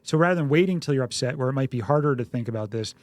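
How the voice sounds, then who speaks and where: A middle-aged man co-hosting a parenting show, his voice pitched midway for a man and recorded close and dry. He talks through practical tips casually and slips into animated voices when he plays out parent-and-child exchanges. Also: racing, dry recording. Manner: acts out parent dialogue in animated quoted voices. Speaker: podcast co-host, doctor. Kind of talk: casual parenting advice chat.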